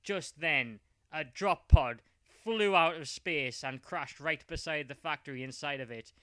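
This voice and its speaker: A man's voice: on the high side, a little slow, no room sound. A man telling an improvised fan-fiction story in a rambling, playful way.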